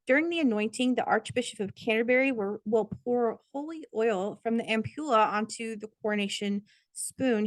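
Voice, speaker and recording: Woman podcast host, mid-pitched, chatty and sincere, dry studio sound. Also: no room sound. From United States. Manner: chatty, many "like" fillers, earnest. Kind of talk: casual podcast chat.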